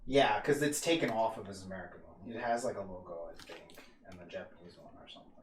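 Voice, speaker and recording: A man's voice: deep voice, fast talker, far from the mic, slight background noise. Laid-back young man in a roomy room. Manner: laid-back, trailing off and laughing. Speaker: art stream co-host. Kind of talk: casual chat. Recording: roomy sound, voice a bit off-mic.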